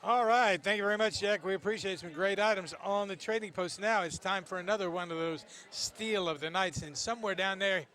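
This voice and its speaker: A man hosting a live televised auction, upbeat and brisk as he announces minimum bids and hands off to the next segment. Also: sits high, bright, forceful tone. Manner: upbeat, quick to hand off to segments. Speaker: auction host.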